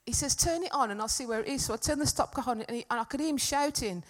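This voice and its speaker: A woman's voice: high-pitched, fast, few pauses. A middle-aged woman giving a talk at a church gathering, telling a personal story in a chatty, self-deprecating way. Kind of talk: sermon with personal anecdote.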